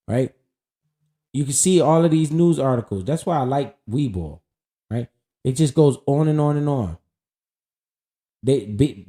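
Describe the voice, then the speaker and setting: A stock market streamer gives casual, profane, hyped market commentary, going over his account while talking straight to his viewers. His voice is a little high and a little mellow.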